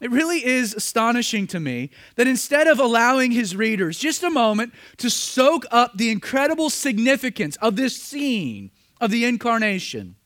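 A man's voice: extremely high pitch, moderate pace, few pauses, dry recording, studio quality. Young guy pastor telling a story, acts out the voices, swoops up and down a lot. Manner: animated storytelling with acted-out voices. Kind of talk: sermon.

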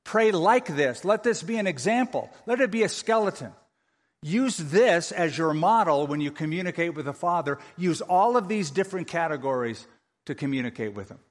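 Animated male preacher in a reverberant hall. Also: fairly high pitch, normal speed. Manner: animated preaching with mimicked prayers and humor. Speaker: pastor. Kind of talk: sermon. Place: church sanctuary. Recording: long reverb of a large hall.

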